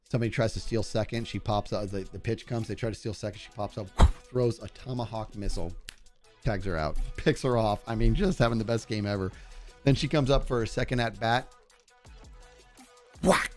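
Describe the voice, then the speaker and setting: A man streaming a game live, telling excitable stories to his chat and narrating his play, his voice turning growly when he gets loud. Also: on the low side. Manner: excitable storyteller, talks to chat while playing.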